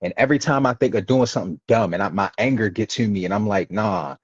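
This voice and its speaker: A man's voice: lowish voice, quick pace, breathy edge, no echo. A man from Baltimore, an interview guest, earnestly telling life stories in slangy casual talk. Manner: earnest, slangy, acts out quoted people. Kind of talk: reflective storytelling in casual chat. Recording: dull lo-fi dry recording.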